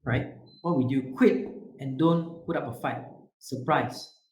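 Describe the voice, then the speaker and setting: A man giving an online leadership talk to young people, animated and quizzing his audience. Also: mid-range voice, unhurried, roomy sound, low-quality recording. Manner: animated, asks the group questions, repetitive fillers. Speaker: youth leadership speaker. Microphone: video call.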